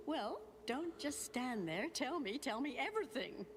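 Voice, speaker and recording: A woman's voice: high voice, big pitch swings, unhurried. An actress voicing an eager, prim female scientist with refined, formal diction, heard as game audio over background noise.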